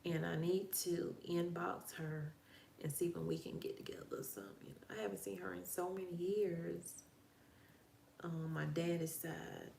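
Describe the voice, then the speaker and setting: A woman's voice: lowish voice, fairly even intonation, a little slow, gravelly, darkish tone, echoey room, a little hiss or hum. A woman with a Southern country accent, hosting a casual live-stream and chatting with viewers as she greets them one by one. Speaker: livestream host.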